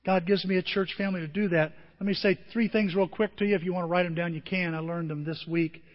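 Here an older pastor preaches quickly in a voice that sits high, bringing his stories to life by performing people's quotes. The sound is dull, captured in a hall where reverb lingers.

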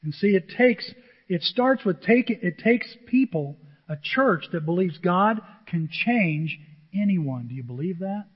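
A man's voice: high voice, animated, measured pace, breathy edge. A male pastor preaching a sermon with emphasis, often firing questions at the congregation. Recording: dull echoey church recording.

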